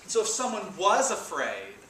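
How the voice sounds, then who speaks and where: A male lecturer speaks with a bright, forward tone and tells his story with animated emphasis. He is recorded from a distance in a reverberant lecture room, with faint noise in the background. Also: sits high, normal speed. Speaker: philosophy lecturer. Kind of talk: introductory lecture with personal anecdote. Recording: echoey room, speaker off-mic.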